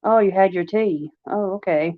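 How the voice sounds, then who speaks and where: Hosting a casual livestream, a Long Island–accented woman chats in a rambling, filler-heavy way at a moderate pace and medium pitch. There's no echo, and the lo-fi recording sounds dry and slightly dull.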